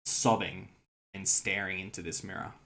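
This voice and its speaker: A man narrating a tabletop game as game master, unhurried and relaxed, with hesitant fillers. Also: sits low, gravelly.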